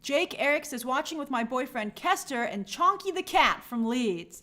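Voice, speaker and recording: A woman's voice: on the high side, very animated, moderate pace, few pauses, pushed and bright. A woman hosting a live stream, chatting casually and greeting viewers by name in an upbeat, friendly way.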